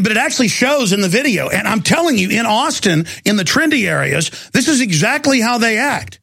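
A man's voice: high-pitched, gravelly, a bit bright, breathy edge, no echo, studio quality. A man hosting a radio talk show, rambling through a long digressive rant before taking calls. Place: radio studio.

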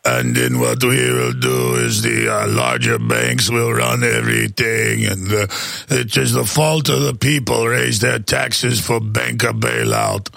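A man putting on an impression of a ponderous old statesman, speaking very slowly in a mock German accent with broken, droning phrasing. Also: mid-range voice, vocal fry, a bit bright, no echo, studio quality, pitched below the performer's own voice. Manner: very slow, deliberate, broken phrasing.

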